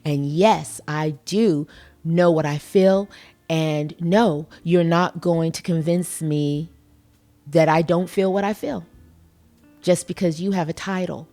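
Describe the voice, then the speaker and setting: A woman's voice: lowish voice, fairly even intonation, takes it slowly, warm tone, faint music behind. A middle-aged woman hosting a motivational podcast, earnest and folksy, talking with emphatic conviction. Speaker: podcast host.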